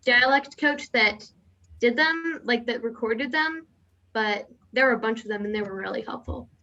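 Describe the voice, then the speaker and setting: Bright-voiced actress on a muffled video call. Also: female voice, fairly high pitch, normal speed. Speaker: cast member. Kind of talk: casual answer in a Q&A.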